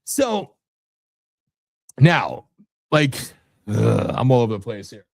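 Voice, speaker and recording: A man's voice: mid-range voice, very animated, takes it slowly, gravelly, dry recording, clean studio sound. A man hosting a live political talk show, ranting in a rambling, profane and combative way that jumps from topic to topic. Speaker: host.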